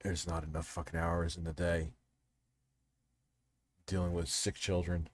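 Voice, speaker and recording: A man's voice: deep voice, flat delivery, measured pace. A man hosting a livestream, chatting casually with lots of swearing, rambling and restarting his sentences. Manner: restarts and trails off. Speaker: livestream host.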